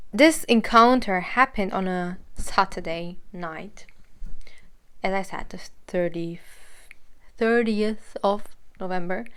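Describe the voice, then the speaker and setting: A young woman vlogger telling a story in casual chat, animated, exclaiming and swearing. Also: mid-range voice, smooth.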